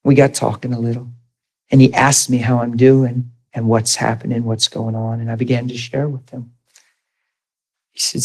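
A man preaches with energy, peppering the congregation with fast questions before softening into low, hushed storytelling. When he questions the crowd, his voice rises high and emphatic.

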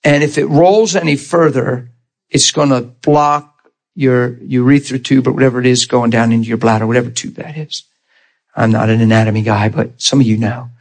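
Preaching a testimony at normal speed, a man with a medium-pitched voice tells it conversationally, like a story. Animated and quick to laugh, he acts out quoted voices and asks his listeners rhetorical questions along the way.

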